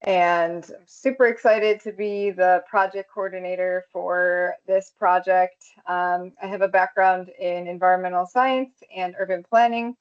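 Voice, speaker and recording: A woman's voice: lowish voice, fairly even intonation, unhurried, hardly any pauses. Upbeat woman on a muffled video call. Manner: upbeat, enthusiastic. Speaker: project coordinator. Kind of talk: presentation opening on a video call.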